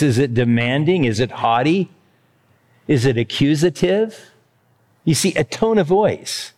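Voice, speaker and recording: A man's voice: fairly high pitch, in a large hall. A male pastor giving a conversational, emphatic sermon to his congregation. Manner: conversational, emphatic preaching with chuckles.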